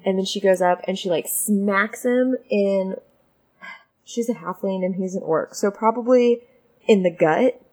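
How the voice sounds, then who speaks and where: A woman playing a tabletop game, describing her character's moves in an animated, giggly way. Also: mid-range voice, a little slow, poor audio. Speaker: player.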